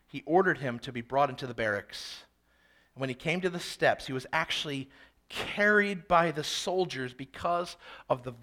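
A man preaching an expository sermon, reading scripture aloud and then explaining it with animated, dramatic emphasis. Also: on the high side. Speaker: pastor.

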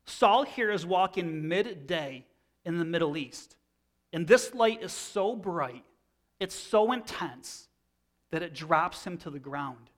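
A man in his thirties preaching a sermon. He teaches in a loose, conversational way and often restarts his phrases. His voice sits on the higher side for a man. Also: lively intonation, slow. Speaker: pastor.

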